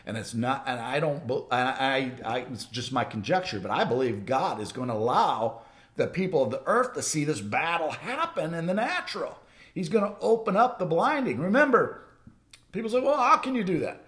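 A man's voice: a little high, lively intonation, normal speed, fairly bright tone. A man teaching on scripture in a loose, conversational way, with frequent false starts and restarts. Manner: rambling, many restarts, conversational. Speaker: Bible teacher. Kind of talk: informal sermon teaching.

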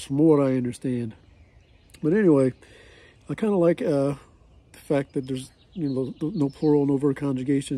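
A man's voice: fairly high pitch, warm tone, husky. A man chatting casually in a language-learning vlog outdoors, rambling with many fillers. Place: outdoors near a road.

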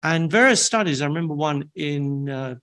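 An older man giving an academic lecture in a measured, deliberate way, with dry asides. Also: a little high, animated, fairly bright tone. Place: lecture hall.

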